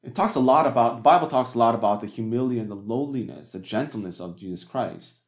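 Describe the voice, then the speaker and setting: A man of mid-range pitch preaches at a quick pace as pastor. His sermon is conversational, peppered with fillers and restarts and rhetorical questions to the congregation, and the recording carries the echo of a church hall.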